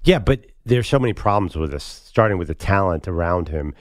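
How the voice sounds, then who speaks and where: A man's voice: sits low, expressive, a little fast, no echo, studio quality. A man co-hosting a sports talk show, trading wry, skeptical takes in casual debate.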